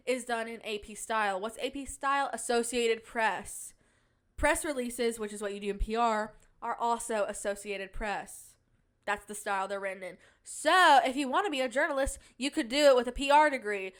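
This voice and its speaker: A woman's voice: on the high side, moderate pace, fairly bright tone. A young woman hosting a podcast in casual chat, playful and giggly, bragging in a mock-dramatic way. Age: young adult. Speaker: podcast host.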